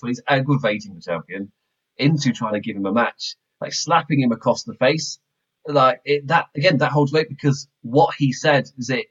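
A man casually reviewing a wrestling show, animated and laughing often. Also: mid-range voice, slightly rough. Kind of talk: casual review chat with commentary. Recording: slightly dull lo-fi mic.

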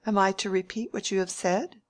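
Woman narrator doing a prim, mild young lady from a period storybook, genteel and plaintive, pitched up from the reader's own low voice. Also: fairly even intonation, a little fast, natural voice. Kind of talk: audiobook character reading.

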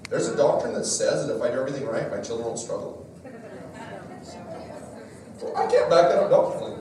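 A man's voice: medium pitch, brisk. A middle-aged man delivers a live devotional talk, his voice rising and falling freely as he tells stories against himself. The recording is heavily reverberant and taken from a distance, with a faint hum of the room behind. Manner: lively storyteller, jokes at his own expense. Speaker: speaker at a church parenting talk. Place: large echoey room with a live audience. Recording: echoey hall recording from far off.

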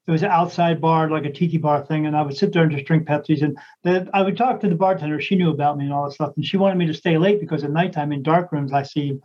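A man's voice: fairly high pitch, fairly even intonation, quick pace, few pauses, dull audio. A man, a psychic medium, chatting casually and telling a long story in a rambling way, with lots of restarts and acted-out quotes.

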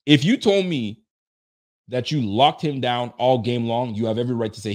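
A man doing casual reaction commentary as a sports fan, excitable and ranting, laughing often. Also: mid-range voice, moderate pace, pauses often.

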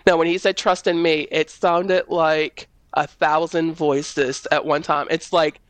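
Animated woman telling a faith testimony. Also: slow, no room sound. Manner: animated storyteller, acts out quoted voices in a high tone. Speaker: prophet. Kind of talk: personal faith testimony in a panel talk.

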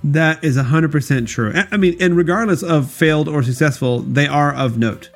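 A man's voice: a little high, normal speed, soft background music. A young man co-hosting a casual comedy podcast, jokey and laughing often. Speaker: co-host.

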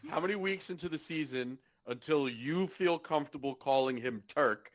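Male podcast co-host, higher-pitched, sardonic grumbler who curses freely. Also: moderate pace. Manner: sardonic, swears, mock-miserable fan. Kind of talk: casual podcast chat.

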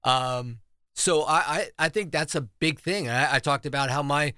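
Bright-voiced middle-aged man from New Jersey. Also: fairly high pitch, normal speed, clear, resonant tone, no echo, studio quality. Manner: earnest, explains with figures and numbers. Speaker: school superintendent, guest. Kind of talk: radio interview answers. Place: radio studio.

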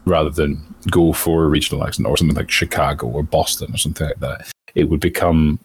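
A man talking as a voice actor guest in a casual interview, thoughtful and halting, often restarting his sentences. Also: extremely low pitch, steady tone, husky. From outside the United States.

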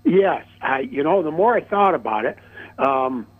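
A man calling in to a radio show, reminiscing in a halting, casual way. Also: on the high side, very animated. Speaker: caller. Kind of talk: casual phone-in chat. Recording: tinny phone line.

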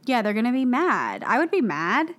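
A young woman co-hosts a podcast in a casual chat with a high voice that swings widely. She is animated and giggly and acts out silly quotes. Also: moderate pace. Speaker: podcast co-host.

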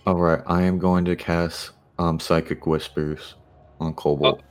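A man's voice: low voice, little pitch movement, a little slow, smooth, soft background music. A man playing a tabletop game, hesitant and matter-of-fact. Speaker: player. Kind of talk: casual chat.

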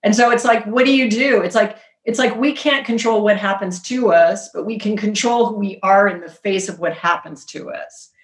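An earnest woman tells her story in a relaxed, animated way. Her voice sits at a middle pitch. The room around her is echoey. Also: moderate pace, hardly any pauses. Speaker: podcast guest. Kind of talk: casual chat.

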